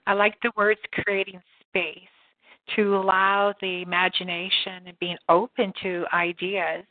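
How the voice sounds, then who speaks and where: Relaxed woman on a tinny call. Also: medium pitch, measured pace, dry recording. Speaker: interview guest. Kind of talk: casual chat, repeating phrases. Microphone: online call. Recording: tinny phone-like call audio.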